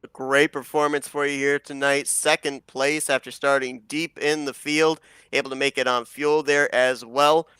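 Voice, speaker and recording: A man's voice: mid-range voice, flat delivery, normal speed, bright, forceful tone, smooth, dry recording. A man, a race broadcast commentator, interviewing drivers in upbeat broadcaster patter.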